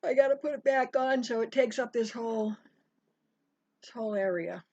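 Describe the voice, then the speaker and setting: A woman's voice: fairly high pitch, normal speed, mellow. Chatty older woman teaching sewing. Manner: chatty, rambling, talks to viewers by name. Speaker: sewing teacher hosting a live stitch-along. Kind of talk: casual live tutorial chat. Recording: dry, dull lo-fi stream audio.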